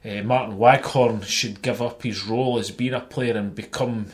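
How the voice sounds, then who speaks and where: A man with a Scottish accent, co-hosting a casual football podcast, animated and laughing often, with the odd swear word. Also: fairly low pitch, moderate pace. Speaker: podcast co-host.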